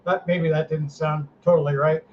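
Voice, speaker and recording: A middle-aged man hosting a casual podcast chat, running a paranormal team, ranting with animated energy and swearing freely. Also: a little high, normal speed. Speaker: paranormal team director, host. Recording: slightly dull sound, faint noise.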